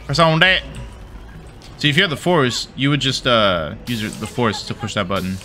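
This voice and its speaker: A man's voice: mid-range voice, big pitch swings, normal speed, bright, forceful tone, soft background music. A man casually commenting on his gameplay as a video host, goofy and rambling, swearing and laughing as he plays.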